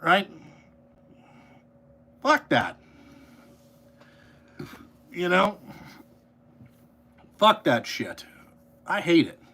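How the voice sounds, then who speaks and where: A man's voice: sits high, big pitch swings, extremely slow, long pauses, sharp tone, slightly rough. A man ranting angrily into his podcast mic, swearing constantly and rambling with repeated fillers. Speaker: podcast host, trucking business owner. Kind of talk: profane ranting monologue.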